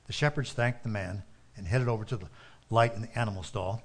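A man narrating a story with a steady, earnest reading manner. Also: lowish voice, brisk.

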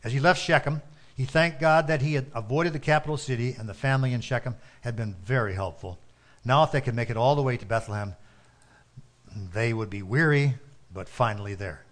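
Brief: male narrator, mid-pitched, steady and earnest story reading. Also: brisk.

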